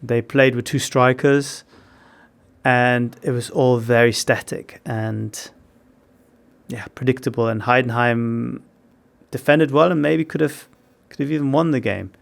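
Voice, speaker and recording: A man gives measured football analysis on a podcast. His voice has a gravelly edge and an ordinary middle pitch. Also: fairly even intonation. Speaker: football pundit. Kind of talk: casual chat.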